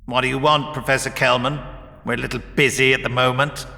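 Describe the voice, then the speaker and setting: A man's voice: medium pitch, little pitch movement, a little fast, gravelly, bright, forceful tone, no echo, clean studio sound, voice pushed up. A man voicing a weary space station commander in an audiobook, clipped and commanding. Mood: grim.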